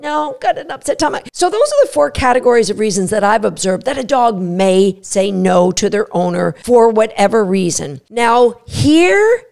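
A woman's voice: mid-range voice, big pitch swings, normal speed, vocal fry, darkish tone. A woman hosting a podcast on dog training, talking emphatically and acting out what dogs say. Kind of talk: podcast monologue.

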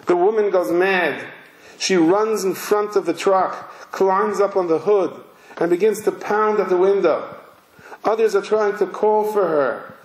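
A male rabbi giving a sermon, telling a story slowly and emphatically. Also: high-pitched. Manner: slow, emphatic, vivid narration. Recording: roomy hall echo.

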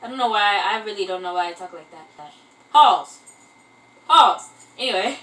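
A woman's voice: medium pitch, racing, a bit bright, far from the mic, low-quality recording. A young woman vlogging in casual chat, rambling and self-mocking, who keeps breaking into bits of song. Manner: breaks into singing snatches. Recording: voice from away from the mic.

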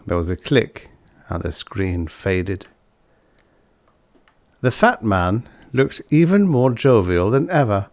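A man narrating a vintage science fiction short story as an audiobook, in a measured storytelling manner. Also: fairly low pitch, expressive, no room sound. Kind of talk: scripted narration.

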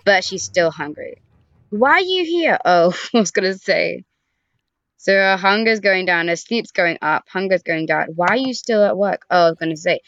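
A young woman gaming YouTuber gives casual let's-play commentary in a lowish, animated, fairly bright voice at normal speed. She's chatty, talks to the game characters, and sighs and groans often. Her desk mic sounds dull and dry, with no room sound, typical of a home setup.

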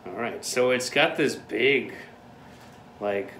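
A man's voice: medium pitch, slow pace, fairly bright tone, slight background noise. A young man hosting a casual chat, joking and rambling with frequent laughs, in a room at home. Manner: jokey, rambling, laughs often. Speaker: host. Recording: echoey room.

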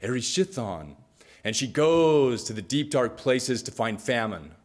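A man's voice: mid-range voice, very animated, measured pace. A man giving a storytelling talk, retelling a myth dramatically with lots of repetition. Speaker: speaker.

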